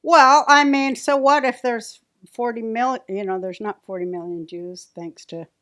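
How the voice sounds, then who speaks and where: A woman's voice: on the high side, steady tone, normal speed, fairly bright tone. An older woman hosting a podcast, chatting casually in a rambling, blunt way and breaking into laughs, with stretches of ad reading. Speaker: podcast host. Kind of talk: casual chat with ad reads.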